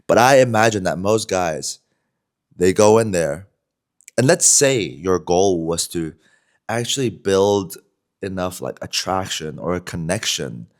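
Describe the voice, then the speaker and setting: A man vlogging, talking casually to the camera in a relaxed, rambling way, with lots of "you know" and "like". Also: sits low, unhurried.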